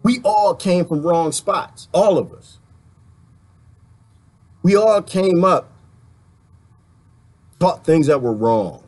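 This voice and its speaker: A man's voice: sits high, expressive, takes it slowly, long pauses, a little mellow. A man from the Washington, D.C. area, ranting sarcastically in a livestream while reading viewer comments, laughing often between points.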